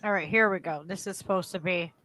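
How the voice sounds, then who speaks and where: A woman co-hosting a casual podcast chat, chatty and quick to laugh. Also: on the low side, bright, forceful tone, a little hiss or hum.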